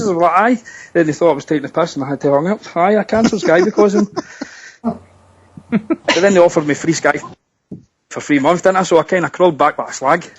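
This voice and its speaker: A man calling in to a casual podcast, blunt and sweary, quick to laugh. His voice sits a little high for a man. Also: dull audio. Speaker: guest caller.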